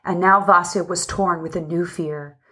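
A woman narrating a story in a low, soft-spoken voice. Her pace is slow and gentle, like an audiobook reader, and she speaks the characters' lines in her own voice without doing distinct voices. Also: fairly even intonation. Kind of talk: scripted narration.

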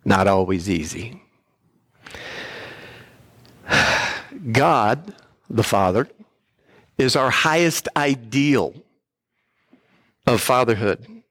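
Speaking as a guest, an older missionary pastor gives a sermon at a church pulpit with a slow, measured delivery. He sounds sincere and heartfelt yet slightly rough around the edges, with repeated throat clearing, and his medium-pitched voice has lively intonation and a slightly bright quality. The recording is dry, with hardly any room echo.

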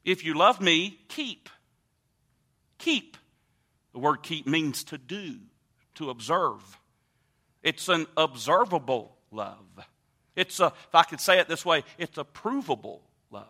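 Man, pastor, sermon, emphatic, high-pitched, bright tone. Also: sing-song, takes it slowly, long pauses. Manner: emphatic preaching with repetitions and wide swings in loudness.

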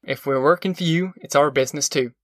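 Man doing a defiant migrant worker, blunt, challenging, voice a little high, dry close read. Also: brisk, fairly bright tone, dry recording, close to an everyday voice. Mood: firm.

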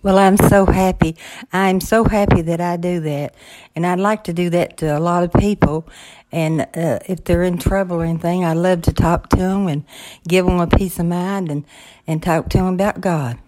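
An older woman with a lowish voice chats from an office. She speaks plainly in a homespun way, pausing and restarting often. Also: steady tone, a little mellow. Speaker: podcast co-host. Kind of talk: casual chat.

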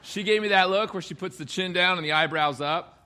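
A man's voice: high voice, brisk, pushed and bright, clear, resonant tone. A male pastor preaching a conversational sermon to his congregation, joking and acting out the quotes he reads.

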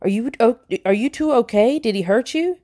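A woman's voice: on the high side, lively intonation, moderate pace, warm tone, pitched above the performer's own voice, close to an everyday voice. Woman doing a breathless, frantic dog-owner man. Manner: breathless, babbling, apologetic. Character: frightened panting middle-aged man, dog owner.

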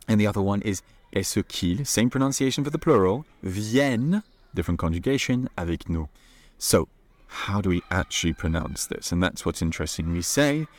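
A man with a French accent, a native French speaker, hosting a podcast pronunciation lesson and repeating example phrases slowly and then at natural speed. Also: sits low, expressive.

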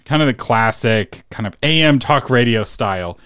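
Male solo podcast host, casual and chatty, average pitch, dry studio sound. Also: expressive, normal speed, a bit bright, clean tone, dry recording. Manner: casual, chatty, laughs between points.

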